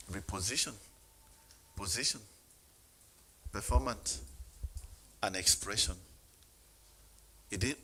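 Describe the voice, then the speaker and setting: A man's voice: lowish voice, sharp tone. A man giving a motivational sermon, speaking emphatically and questioning the audience.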